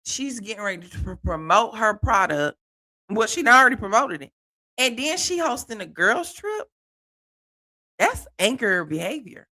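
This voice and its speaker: A man hosting a live stream, talking to viewers in a casual, animated way about reality TV clips. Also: high-pitched. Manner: animated, laughing, talks to viewers as "y'all". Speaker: host reacting to reality TV clips.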